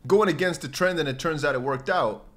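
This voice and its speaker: A man's voice: on the high side, fairly quick. A young man hosting a livestream, chatting casually and rambling as he reads out viewer comments, often dropping into mock voices. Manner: animated, rambling, jumps into mock voices and exclamations. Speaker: crypto livestream host.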